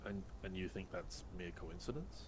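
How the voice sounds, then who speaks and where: A man with a very deep voice plays his character with earnest, probing questions. Faint noise hangs under the recording. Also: lively intonation, normal speed. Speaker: player. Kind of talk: tabletop role-play.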